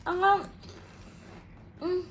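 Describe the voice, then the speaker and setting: A woman's voice: extremely high pitch, steady tone, drawn-out words, heavy background noise. Chatty South African woman vlogger. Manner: chatty, rambling, eating snacks while talking. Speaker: YouTuber. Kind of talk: casual storytelling vlog.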